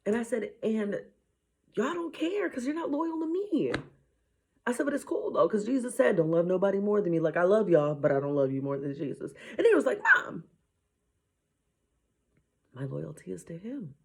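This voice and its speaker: Husky woman telling a faith story. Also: medium pitch, fairly quick. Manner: animated retelling, dropping to a whisper at times. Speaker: mother sharing a faith message. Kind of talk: casual faith talk, storytelling.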